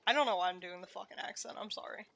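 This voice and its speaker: A woman's voice: medium pitch, racing, gravelly, fairly bright tone. A woman streamer giving casual gameplay commentary, chatty and muttering to herself with casual swearing.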